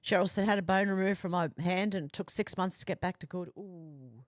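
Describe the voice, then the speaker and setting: A woman's voice: fairly low pitch, a little fast, dry recording, studio quality. A woman hosting a casual livestream, reading viewer comments aloud and adding chatty asides with fillers. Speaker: livestream host.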